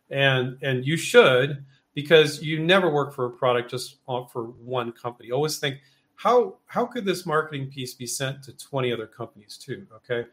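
A man's voice: medium pitch, expressive, moderate pace, a bit bright. A man hosting a live question-and-answer show, talking loosely and chattily, full of fillers and restarts, acting out little quoted exchanges. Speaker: host answering viewer questions. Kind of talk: casual live Q&A.

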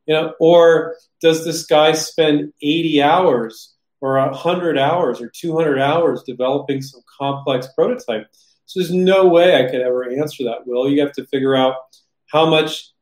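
A man hosting a casual live Q&A on product licensing, talking animatedly and acting out the people he describes in quick voices. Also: on the high side. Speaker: host answering viewer questions. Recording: roomy echo.

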